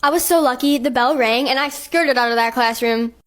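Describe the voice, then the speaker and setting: A bubbly woman with a high voice telling an embarrassing school story. Her delivery is eager and upbeat. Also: a little fast, fairly bright tone. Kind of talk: storytime narration.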